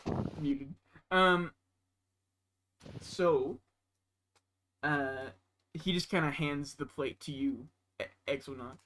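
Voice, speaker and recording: A man's voice: on the high side, animated, takes it slowly, long pauses, bright, forceful tone, slight background noise, low-quality recording. A man narrating as game master, rambling with frequent fillers.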